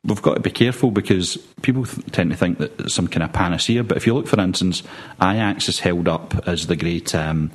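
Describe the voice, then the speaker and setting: A man talking football in a measured, rambling way, full of hesitations. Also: sits low, slightly rough. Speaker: podcast guest pundit. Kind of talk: casual football chat.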